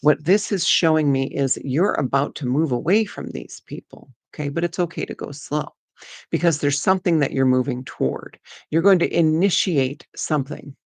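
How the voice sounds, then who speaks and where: A woman with a gravelly, fry-edged voice talks her viewers through an oracle card reading in a loose, chatty way. She reassures them often and wanders between thoughts. The sound is close and dry, with no room in it. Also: deep voice, normal speed, darkish tone, no room sound.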